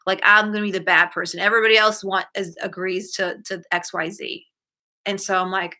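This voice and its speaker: With a medium pitch that barely moves, a sharp tone, and a fairly quick pace, a middle-aged woman hosts a self-help podcast on her own. Her casual talk is rambling and self-correcting, and she voices quoted lines differently to act them out.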